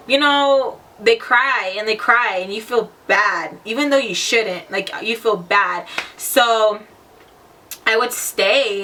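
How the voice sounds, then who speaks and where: A young woman speaks in a casual storytelling vlog, her voice fairly high and very bright. She talks bluntly, filling her sentences with "like" and curses. She sits a little back from the mic. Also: distant mic, slight background noise. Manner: blunt, casual, heavy on "like" fillers and swearing. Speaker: vlogger.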